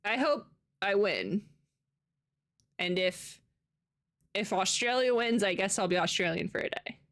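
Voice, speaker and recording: American woman, casual streamer chatting, rambling, laughs a lot, mid-pitched. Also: a little slow, a bit bright. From United States. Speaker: livestreamer. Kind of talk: casual chat with live viewers.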